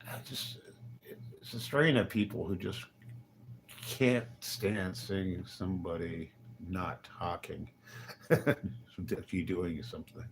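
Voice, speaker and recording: Low gravelly man, grumbling livestream monologue. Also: steady tone, takes it slowly, a little hiss or hum. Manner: wry, grumbling, muttering asides with chuckles. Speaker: livestreaming vlogger. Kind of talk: rambling casual livestream monologue. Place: hotel.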